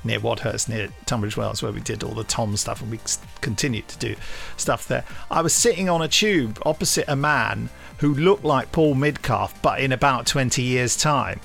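Older guy, gravelly voice, chatty self-mocking stories. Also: medium pitch, moderate pace, a bit bright, soft background music. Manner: anecdotal, self-deprecating storyteller. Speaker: podcast co-host. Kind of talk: casual chat.

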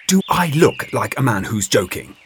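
A man's voice: mid-range voice, big pitch swings, normal speed, a little hiss or hum, voice pushed up, natural voice. A man reading aloud voices a jumpy young male outlaw who stammers and gets flustered. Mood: anxious.

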